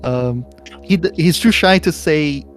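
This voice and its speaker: A man's voice: on the high side, unhurried, soft background music. A man playing a tabletop role-playing game, describing his character's actions in a chatty, laughing way. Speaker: player.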